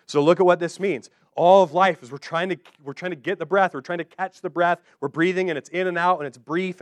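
A man's voice: medium pitch, dry recording. A man preaching in repeated, rhythmic phrases. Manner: repetitive, rhythmic phrasing that builds and settles. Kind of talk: expository sermon.

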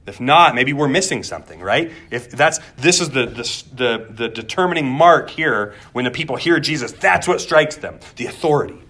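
A man's voice: mid-range voice, expressive, normal speed, hardly any pauses, bright, forceful tone. A pastor preaching a sermon in a conversational way, repeating words as he goes and asking the room questions.

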